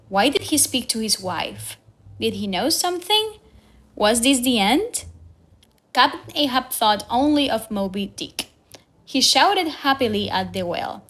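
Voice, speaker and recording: A woman reading a storybook aloud for young learners, slow, clear and careful. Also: a little high, lively intonation, fairly bright tone. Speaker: reader.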